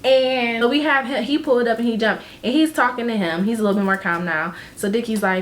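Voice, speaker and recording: A young woman telling a story to her viewers in casual chat, animated and slangy, laughing often and acting out what people said. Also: fairly high pitch, moderate pace, roomy sound, slight background noise.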